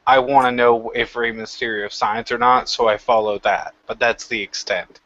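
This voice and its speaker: A man's voice: medium pitch, little pitch movement, normal speed, pushed and bright. A man co-hosting a casual wrestling chat, laid back and swearing casually. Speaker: co-host. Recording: dull lo-fi mic.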